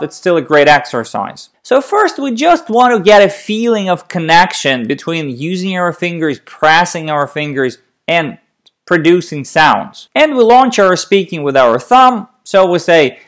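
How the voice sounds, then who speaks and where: A stuttering coach giving an instructional talk, stressing key syllables and demonstrating phrases slowly, one syllable at a time. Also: mid-range voice.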